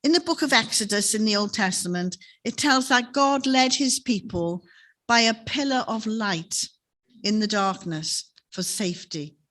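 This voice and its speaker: A woman's voice: medium pitch, unhurried, a bit bright. A woman giving a sermon in a chapel, telling stories in a conversational way and often ending on tag questions. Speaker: preacher.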